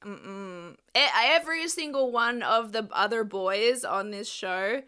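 Woman roasting a dating show guy, bright voice, talks slow and drawn out. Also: a little high, clean tone. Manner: blunt, indignant, swears freely. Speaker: podcast co-host. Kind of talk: casual chat recapping a reality show.

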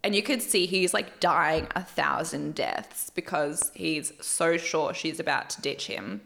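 A woman's voice: deep voice, a little slow, vocal fry, fairly bright tone. A woman with an Australian accent hosting a reality TV recap in casual chat, gushing, swearing freely and giggling often.

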